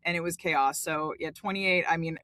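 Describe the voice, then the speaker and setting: A woman appears as a podcast guest, telling her story at a moderate pace in a lively, casual way. She acts out the quotes with big leaps in pitch.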